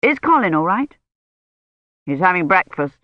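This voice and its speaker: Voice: medium pitch, sing-song, no room sound, natural voice. An audiobook reader voicing a tired older male academic who speaks carefully, in a dull, dry recording. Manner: measured, careful. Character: weary older male Oxford don, careful.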